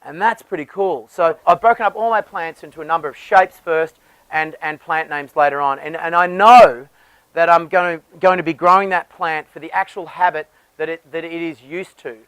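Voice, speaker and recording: A man's voice: a little high, fairly even intonation, normal speed, fairly bright tone, clear, resonant tone, no room sound, rough recording. A man, a landscape designer, explaining garden design with enthusiasm and often restarting his phrases.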